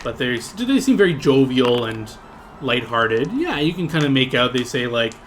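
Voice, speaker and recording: A man's voice: mid-range voice, very animated, normal speed, fairly bright tone, slight background noise. A man narrating as game master in a casual, rambling way with lots of fillers.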